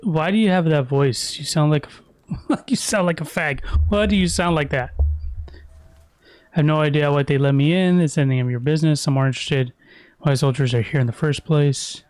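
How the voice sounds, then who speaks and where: Streamer, man, foul-mouthed and mocking, slightly high voice, dry sound. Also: normal speed, darkish tone, clear, resonant tone, dry recording. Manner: crude, profane, mocking. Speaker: gaming streamer. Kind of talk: casual gameplay commentary.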